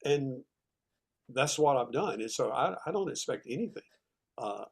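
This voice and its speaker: A man's voice: medium pitch, big pitch swings, normal speed, creaky, husky. A man with a Southern accent, a former teacher speaking earnestly as a guest in an interview. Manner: heartfelt, plainspoken storytelling.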